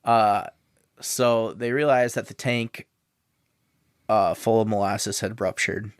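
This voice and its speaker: A man's voice: on the low side, steady tone, slow pace, clean tone, no echo, studio quality. A man from the American Midwest co-hosting a comedic history podcast, loose and casual, swearing and laughing often. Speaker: podcast co-host.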